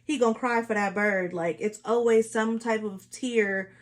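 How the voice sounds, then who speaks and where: Doing her makeup on camera, this Los Angeles woman talks casually, stressing things emphatically and saying them more than once. Her voice is a little high, steady and unhurried.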